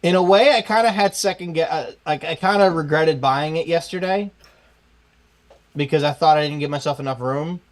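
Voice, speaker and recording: A man co-hosting a sports talk show, chatting casually with excitable praise and lots of fillers. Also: on the high side, moderate pace. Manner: excitable, gushing, with many fillers. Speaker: co-host. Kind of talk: casual chat.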